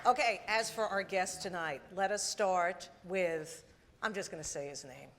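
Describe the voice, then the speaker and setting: A woman with a New York accent hosting a live Q&A on stage, energetically shouting introductions to the crowd. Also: lowish voice, a little slow. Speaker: event host. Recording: noisy live audience hall. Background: crowd noise.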